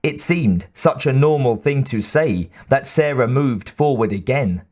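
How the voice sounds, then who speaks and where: A man reading an audiobook in a measured, even narration. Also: medium pitch.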